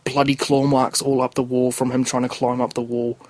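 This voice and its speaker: A man's voice: mid-range voice, level tone, fairly quick, a little mellow, dry recording, poor audio. A young man with a New Zealand accent, a podcast host telling rambling, crude stories in casual slang. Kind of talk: casual storytelling.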